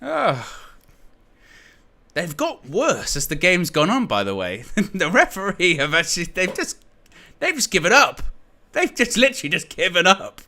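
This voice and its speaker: Providing live fan commentary on a football match as a watchalong host, this man laughs, curses and rails at the officials, his pitch swinging hugely. He speaks at a measured pace in a bright, forceful voice that sits slightly high for a man.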